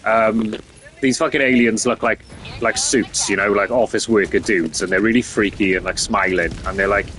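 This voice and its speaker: A man's voice: fairly low pitch, fairly even intonation, normal speed, fairly bright tone. A young man streaming a game, chatting casually with lots of fillers and swearing. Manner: rambling, sweary, filler-heavy. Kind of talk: casual chat.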